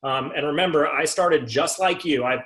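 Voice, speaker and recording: Sales coach guy on a group call, kinda high voice, roomy echo, keeps asking right?. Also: normal speed, a bit bright. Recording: echoey room.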